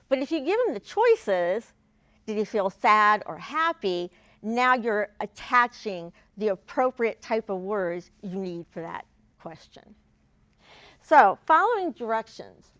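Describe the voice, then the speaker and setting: A woman presenting a training video for educators, speaking clearly and deliberately and stressing key words. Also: fairly high pitch, a bit bright, no echo. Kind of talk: instructional talk to educators. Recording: dull lo-fi sound, dry.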